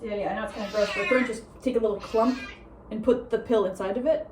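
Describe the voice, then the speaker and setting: A young woman vlogging casually at home, a self-described fast talker who rambles with many fillers. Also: fairly high pitch, steady tone, noisy background. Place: home with a meowing cat.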